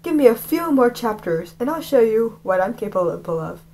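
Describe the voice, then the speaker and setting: A woman's voice: on the high side, sing-song, normal speed, a little mellow. A woman reading a novel aloud on video and breaking off with chatty, mocking asides. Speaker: reader of a book on video.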